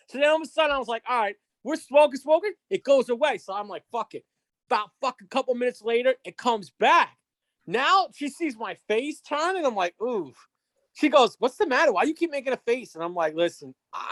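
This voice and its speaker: A woman's voice: a little high, no echo. A woman, a podcast guest telling a story with lots of swearing, acting out every line of dialogue. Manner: animated, acts out quotes, heavy swearing.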